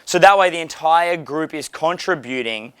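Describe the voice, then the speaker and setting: Brief: male dating coach, crude and animated, slightly high voice, dry close sound. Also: normal speed, smooth, no room sound. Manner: blunt, profane, animated. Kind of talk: casual coaching monologue. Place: hotel.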